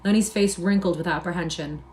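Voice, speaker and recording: A woman reading a classic novel aloud on a live stream in an even, measured narrating voice. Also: on the low side, a little hiss or hum.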